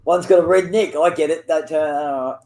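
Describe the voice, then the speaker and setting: A high-pitched man chatting with a friend while gaming. He rambles, trades insults and swears in nearly every sentence, circling back through fillers as he goes. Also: moderate pace, darkish tone. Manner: profane, rambling, teasing. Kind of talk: casual banter over voice chat.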